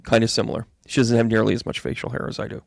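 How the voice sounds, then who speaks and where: A man giving a live astrology and tarot reading in a chatty, rambling, jokey way with bursts of excitement. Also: on the low side, very fast, gravelly, dry recording. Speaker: psychic medium reading tarot.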